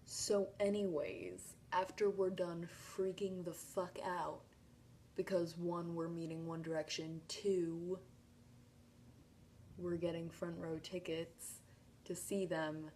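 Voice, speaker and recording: A young woman in a casual vlog, excitedly retelling a fan story with lots of "like" and sudden squeals. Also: lowish voice, slow, a little hiss or hum. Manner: gushing, breathless retelling with filler "like". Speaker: vlogger.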